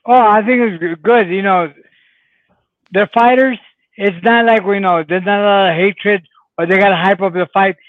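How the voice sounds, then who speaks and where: A man's voice: high-pitched, fairly even intonation, moderate pace, no room sound. A man co-hosting a boxing podcast remotely, speaking in short, repeated, emphatic remarks. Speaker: podcast co-host, boxing trainer. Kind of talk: casual boxing chat. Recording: dry, tinny phone-like line.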